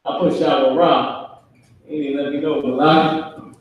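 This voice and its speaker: A man teaches a relaxed class, talking loosely and acting out little family scenes in other voices. His voice is a touch high for a man. It sounds boomy and echoey, as if he is standing away from the mic in a big bare room. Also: unhurried, recorded from a distance. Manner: casual, conversational, acts out family scenarios in character voices. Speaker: Hebrew language teacher. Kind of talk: casual live online class.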